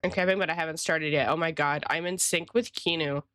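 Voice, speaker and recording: A woman's voice: deep voice, fairly even intonation, fairly quick, a bit bright, dry recording, studio quality. A woman streamer and illustrator chatting casually with her live viewers, rambling and greeting them by name.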